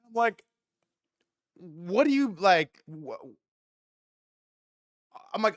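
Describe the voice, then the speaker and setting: A young man in his twenties hosting a stream, telling a story in casual talk, profane and animated, switching voices for the people he quotes. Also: sits high, very slow, no room sound, clean studio sound. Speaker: stream host.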